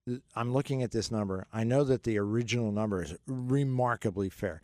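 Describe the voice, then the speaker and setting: A middle-aged man hosts a call-in radio show about money, rambling and joking with lots of fillers and restarts in casual call-in talk. His mid-range voice is warm and a little fast, captured as clean studio sound with no room sound.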